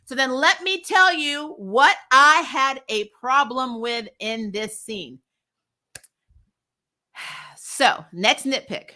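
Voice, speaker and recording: Woman, TV episode reviewer, casual recap, snarky, animated, bright tone. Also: high voice, takes it slowly, long pauses. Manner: animated and snarky, acts out characters' lines with laughs.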